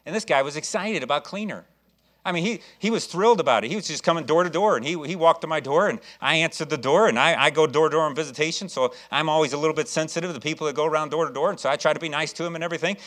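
Fast-talking preacher giving an energetic sermon. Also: male voice, a little high. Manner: storytelling, acts out voices, jokes with the congregation; enthusiastic preaching, rising loud when exhorting. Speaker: pastor.

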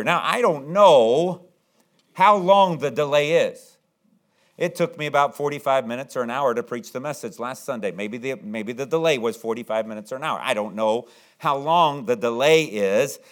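A man's voice: medium pitch, moderate pace. A man preaching a sermon who often acts out the pleading voices of the people in his story. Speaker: pastor.

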